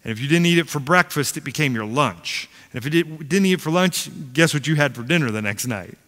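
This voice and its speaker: Animated pastor in a reverberant church. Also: male voice, a little high, brisk. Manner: animated storyteller, acts out quotes, self-deprecating humor. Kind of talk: sermon. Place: large church sanctuary. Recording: long hall reverb.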